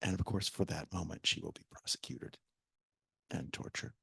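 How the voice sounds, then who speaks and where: At a public talk in a library event hall before a live audience, a guest speaker who directs theater tells a story with animation, performing the quoted lines and at times sinking nearly to a whisper. His voice is low-pitched and creaky, bright and forceful with a breathy edge, delivered at a moderate pace with fairly even intonation. There's no room sound on the recording.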